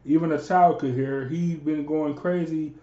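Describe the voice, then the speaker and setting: A man co-hosting a podcast in casual political banter, animated and incredulous, laughing often. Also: on the high side, unhurried. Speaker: podcast co-host. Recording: roomy, dull lo-fi sound.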